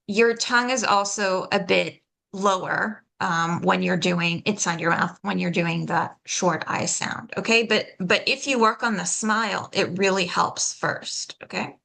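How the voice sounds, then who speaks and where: A woman leading a pronunciation workshop, patiently explaining and slowly demonstrating sounds, checking in often with "okay?". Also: medium pitch, fairly even intonation, gravelly, sharp tone. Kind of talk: live online workshop teaching.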